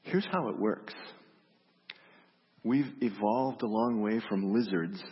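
A man's voice: on the low side, slow pace, slightly rough, in a large hall, dull audio. A man preaching a sermon in a reflective, storytelling way, often repeating his questions. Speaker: pastor.

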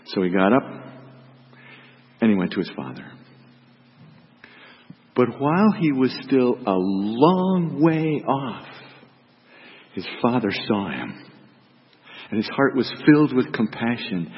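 A male priest gives a dramatic gospel reading that flows into a homily, voicing each character in turn. His delivery rises and falls through a lively pitch range. The sound is slightly dull and carries the long reverb of a large church. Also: unhurried, pauses often.

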